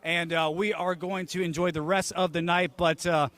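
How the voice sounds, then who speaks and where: A man's voice: sits high, little pitch movement, moderate pace, a bit bright. A man speaking as a driver after a race at an outdoor speedway, casual and hyped, with many fillers. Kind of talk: post-race interview and crowd address.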